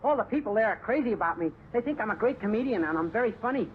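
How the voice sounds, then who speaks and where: Dennis, a high, naive young man. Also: expressive. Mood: naive eager. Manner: naive, eager, fast-talking. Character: dim, cheerful young man who thinks he's funny. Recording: old radio broadcast, lo-fi with hiss.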